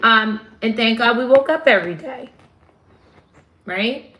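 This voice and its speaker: A woman's voice: fairly high pitch, measured pace, sharp tone, a little hiss or hum. A woman with a New York accent hosting a casual livestream, chatting with viewers and answering their comments. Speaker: livestream host.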